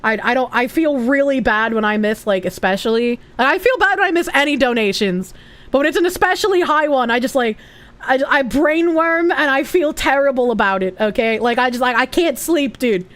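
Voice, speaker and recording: A woman's voice: high voice, animated, brisk, a bit bright. A young woman with a Boston accent chatting casually on a live stream, rambling, giggly and swearing freely.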